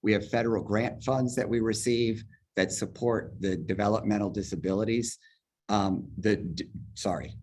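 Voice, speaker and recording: Guy on a video call going thru budget numbers fast, lowish husky voice. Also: darkish tone. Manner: explains figures step by step, hurried. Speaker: agency head presenting a budget. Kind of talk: virtual public forum presentation. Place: virtual meeting, speaking from home or office.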